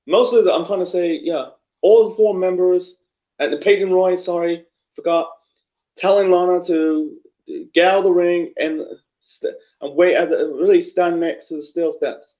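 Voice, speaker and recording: A man's voice: high voice, highs cut off. A man ranting in an unscripted wrestling review, angry and profane, rambling with many restarts.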